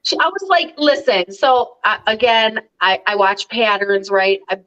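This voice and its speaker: A woman's voice: mid-range voice, measured pace, a bit bright. A woman co-hosting a casual talk show, telling a story bluntly with lots of swearing and acting out both sides of a phone call. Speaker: podcast co-host. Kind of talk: casual chat.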